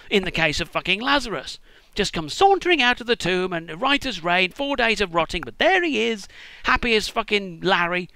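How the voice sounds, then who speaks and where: A man's voice: high voice, pushed and bright, no echo. A man giving an irreverent comic monologue, sarcastic and swearing often as he acts out scenes. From United Kingdom. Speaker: vlogger.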